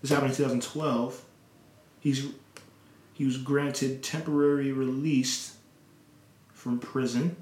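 A man's voice: mid-range voice, little pitch movement, slow, pauses often, darkish tone, echoey room. A man co-hosting a podcast, joking and bantering in casual chat. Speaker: podcast co-host.

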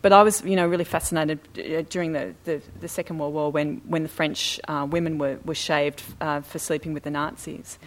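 Low-voiced woman co-presenter, emphatic and chatty, speaking to an audience. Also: steady tone, a little fast, hardly any pauses. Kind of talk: presentation with slides. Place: talk before an audience.

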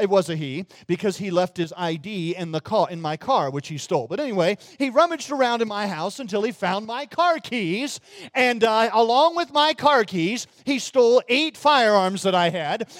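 Southern preacher with a high voice. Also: male voice, lively intonation, a bit bright, no echo. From Mississippi, USA. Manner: emphatic preaching, slows and rises for quoted lines. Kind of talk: sermon.

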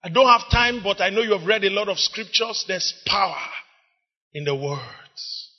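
Nigerian male preacher, very high voice, impassioned sermon with shouted, drawn-out lines. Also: animated. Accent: Nigerian English. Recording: dull lo-fi recording.

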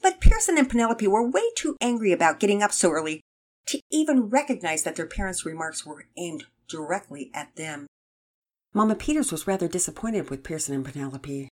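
A woman narrating a children's story aloud in an expressive, measured way. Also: on the low side.

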